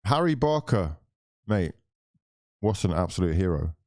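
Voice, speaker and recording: A young man with a fairly low voice rants through a live football watchalong. He swears freely and banters with his chat in an exasperated way. His voice sounds dry and close. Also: very animated, a little slow, darkish tone, no room sound.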